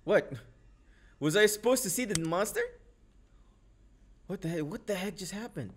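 Lively joking gamer man. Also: high voice, normal speed, breathy edge. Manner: jokey, exclaiming, talks to viewers while playing. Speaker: gaming YouTuber. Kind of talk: let's play commentary. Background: loud game music.

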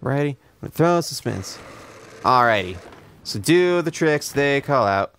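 Gaming on camera as a let's play host, a young man riffs sarcastically and profanely, often at his own expense. He has an animated, medium-pitched, slightly bright voice at a moderate pace, with a little hiss or hum.

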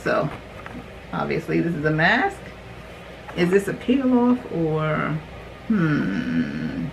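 A young adult woman chatting casually while unboxing beauty products, rambling, her voice jumping high when she reacts. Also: very animated, slow, gravelly, noisy background. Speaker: beauty vlogger.

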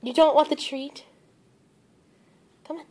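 A woman's voice: sits high, steady tone, slow pace, warm tone. A young woman filming a casual home video, chatting and coaxing her dog along. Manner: chatty, coaxing pet talk.

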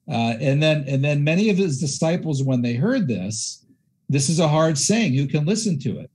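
A man hosting a casual discussion who reads scripture aloud and breaks into animated, self-correcting commentary. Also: on the high side, normal speed, breathy edge. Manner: animated, acts out quotes with mock voices. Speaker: podcast host.

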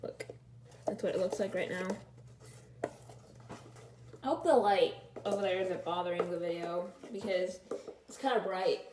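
A woman's voice: fairly low pitch, measured pace, long pauses. Chatty young woman vlogging, noisy background. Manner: chatty, rambling, upbeat. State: slightly out of breath while walking. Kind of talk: casual vlog chat to camera. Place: outdoors in a park at sunset.

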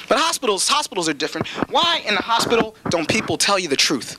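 A man's voice: high-pitched, sing-song, fast talker, hardly any pauses, bright, forceful tone. A male stand-up comedian delivering a routine with punchy timing. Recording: noisy old TV recording.

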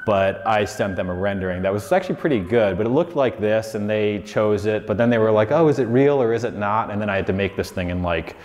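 A man's voice: fairly low pitch, a little fast, few pauses, a little mellow, slight background noise. A man in his forties telling his story in a casual, rambling lecture, with lots of "like" and "you know". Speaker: designer giving a lecture. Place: lecture hall. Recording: long hall reverb.

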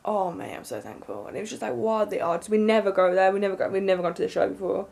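A young woman vlogging, telling a story in an excited, rambling way with lots of fillers. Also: medium pitch, racing, creaky. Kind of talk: casual storytelling to camera.

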